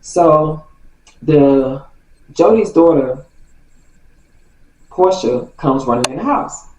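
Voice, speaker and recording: A woman telling a story from her childhood to her viewers in a chatty, animated way. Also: low-pitched, takes it slowly. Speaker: vlogger. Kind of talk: casual storytime. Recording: roomy, distant from mic.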